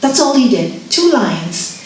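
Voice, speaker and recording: A middle-aged woman, a spiritual and yoga teacher, answers an audience's questions in a lively manner, laughing often and repeating her main points. Her voice sits a little high. She is heard from a distance in a very echoey hall with faint ambient noise behind her. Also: takes it slowly. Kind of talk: Q&A talk to an audience.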